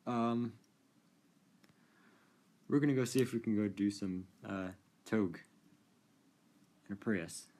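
A man giving casual, amused commentary while playing a racing game, chatty and quick to laugh. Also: fairly low pitch, dark tone. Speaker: gaming video creator.

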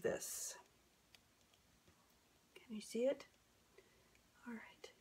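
A woman's voice: on the high side, slow, long pauses, darkish tone, breathy edge. A woman artist narrating her painting in a casual, gushing way, often dropping into a whisper, recorded on a camera on a stand. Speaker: acrylic pour artist.

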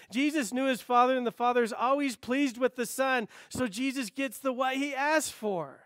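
A man pastor preaches a sermon in a very high-pitched, slightly bright voice, speaking briskly with few pauses. He is earnest, repeats phrases for emphasis, quotes scripture and sometimes drops to a near whisper. The recording is dry and studio quality.

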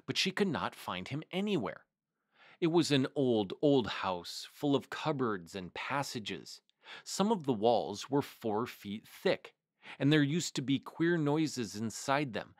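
A man hosting a storytime, reading a picture book aloud in a measured, expressive way. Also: medium pitch, no room sound, studio quality. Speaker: storytime host.

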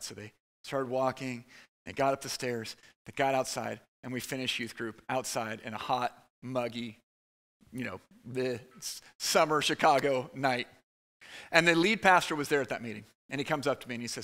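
A man preaching a conversational sermon to his church, with quick asides to the room. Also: medium pitch, pushed and bright. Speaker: pastor. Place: church sanctuary.

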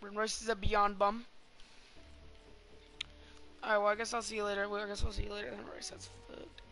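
A woman streaming a video game, chatting casually with loud, joking, profane outbursts. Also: mid-range voice, flat delivery, fairly quick, soft background music, poor audio. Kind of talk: casual gaming chat.

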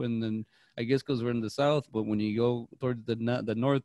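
A man talks through a movie on a podcast at a quick clip, his sentences tumbling over one another as he restarts and corrects himself. The sound is close and dry, with no room around it. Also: medium pitch, no room sound. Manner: rambling and excitable, piling up restarts. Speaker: podcast co-host. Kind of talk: casual movie chat.

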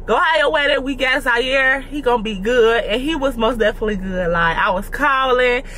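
A woman's voice: on the high side, normal speed, sharp tone, slight background noise. A young woman chatting casually to her viewers, calling them y'all. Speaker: vlogger. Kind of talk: casual mukbang chat to viewers.

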